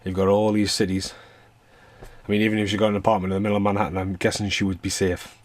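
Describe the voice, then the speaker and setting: A man with a deep, low voice rambles through a casual film review. He swears freely and chuckles between points, with a loose, unscripted flow. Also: level tone, fast, dry recording.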